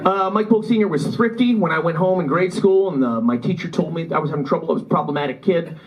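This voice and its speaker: A man with a Midwest American accent performs stand-up in a comedy club, telling rambling stories at his own expense in a fairly high voice and a fast pace. It's a low-quality live recording with the crowd laughing in the background.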